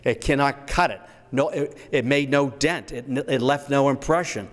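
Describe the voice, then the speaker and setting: A man giving a public history lecture in a storytelling manner, slowing down to recite quotations. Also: mid-range voice. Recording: echoey hall.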